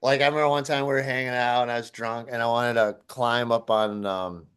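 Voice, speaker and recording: A man chatting on a podcast, telling a story in a relaxed, casual way. He breaks into loud, high-pitched bursts whenever he acts out what people said. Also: brisk, clean tone. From Cleveland area. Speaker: podcast co-host.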